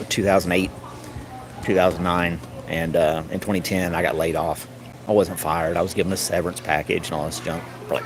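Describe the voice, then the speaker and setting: A middle-aged man casually telling a rambling story, often chuckling and mimicking others in a high voice. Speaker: streamer. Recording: noisy background.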